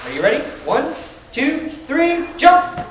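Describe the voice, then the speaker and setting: A man's voice: very high-pitched, slow. Give me a man leading an animal show for kids, recorded from afar in a roomy hall. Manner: lively call-and-response with a crowd of kids. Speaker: animal educator. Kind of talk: live animal show for children. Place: large library room with a child audience. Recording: echoey hall, distant mic, crowd noise.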